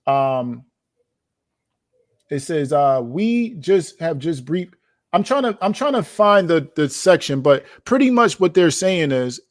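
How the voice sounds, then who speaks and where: A man on a commentary show speaks slowly in a voice on the high side, with big pitch swings. Reacting to documents, he reads passages aloud and then comments on them forcefully, posing rhetorical questions, in a dry, clean studio recording.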